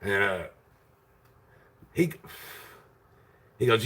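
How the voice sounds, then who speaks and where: A man loudly retelling a story to his channel viewers, rambling with many fillers and restarts. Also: fairly low pitch, expressive, unhurried, gravelly, pauses often, breathy edge. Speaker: vlogger. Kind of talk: casual storytelling to camera.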